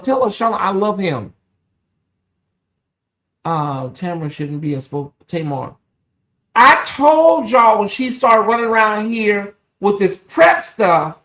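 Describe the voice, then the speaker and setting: A livestream host giving casual gossip commentary, chatting straight to viewers and reading their comments aloud. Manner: swings into loud, high exclamations when excited.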